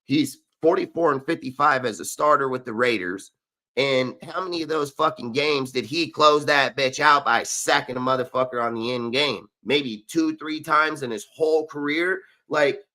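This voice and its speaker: A podcast host on a live sports show rants about his team's draft choices in a mid-range, pushed, bright voice. The heated talk is profane, fired-up, and argumentative.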